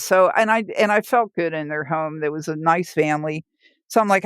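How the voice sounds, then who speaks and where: A woman's voice: deep voice, fairly even intonation, a little fast, clean tone, no echo. Woman telling hospice stories, dry sound. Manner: vivid storyteller who laughs while telling and acts out the people she quotes. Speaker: hospice nurse. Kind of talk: personal storytelling in a podcast interview.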